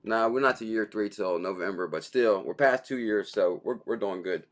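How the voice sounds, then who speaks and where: A man's voice: fairly low pitch, normal speed. A man hosting a daily crypto livestream, chatting casually and reading out viewer comments, with a laid-back, slangy manner and easy laughter.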